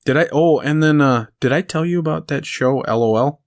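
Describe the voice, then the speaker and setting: This co-host speaks fairly fast with a fairly high-pitched voice. He rambles through stories in a loose podcast chat and laughs at them as he goes.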